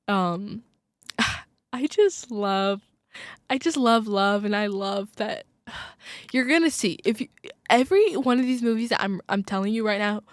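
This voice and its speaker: A young woman hosts a casual college radio show, gushing about her favorite things and filling her talk with "like" and sudden asides. Her voice sits at a middle pitch, recorded close and dry in a small studio. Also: dry recording. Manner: gushing, filler-heavy, quick asides. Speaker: podcast host. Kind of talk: casual chat.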